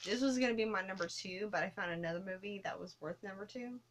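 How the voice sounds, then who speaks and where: A woman co-hosting a horror web series in casual chat, excitable and quick to curse and giggle. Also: mid-range voice, background noise.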